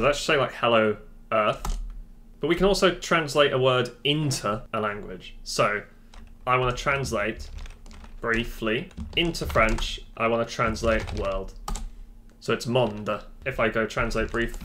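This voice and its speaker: Man hosting a laid-back tech how-to, mid-pitched, jokey and self-mocking, with faint keyboard clicks in the background. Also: unhurried, pushed and bright, a little hiss or hum. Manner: chatty, joking, self-deprecating. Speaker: tech tutorial host. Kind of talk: casual screen-recorded tutorial. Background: faint keyboard typing.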